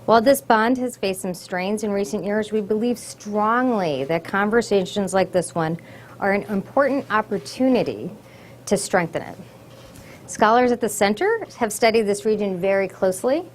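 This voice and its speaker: A woman's voice: medium pitch, lively intonation, moderate pace, slight background noise. A woman hosting a think-tank event, giving earnest, formal welcoming remarks from prepared words. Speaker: event host.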